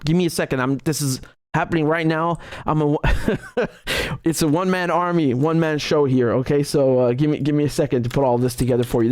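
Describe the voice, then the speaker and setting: A man's voice: on the high side, no room sound. Indignant, sarcastic male commentary host. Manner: frequent restarts. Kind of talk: live political commentary.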